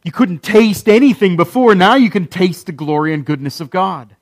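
A man preaching a sermon, emphatic, with repeated phrases and dramatic pauses. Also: high voice, no echo. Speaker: pastor.

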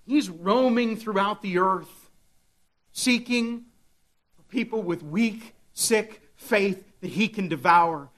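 A man's voice: high-pitched, takes it slowly, a bit bright. A man preaching a sermon with dramatic delivery, at times voicing the devil's taunts. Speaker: pastor.

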